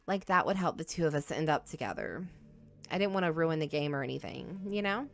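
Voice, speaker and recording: A woman voicing a self-aware young female game character who speaks softly and intimately, reading the game's dialogue aloud. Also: deep voice, expressive, a little fast, vocal fry, voice pushed down. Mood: tender.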